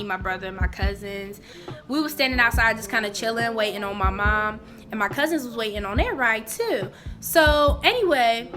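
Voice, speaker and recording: A young woman telling a personal story in a casual, animated, chatty way. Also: on the high side. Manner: animated, chatty, jumping into quoted voices. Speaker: vlogger.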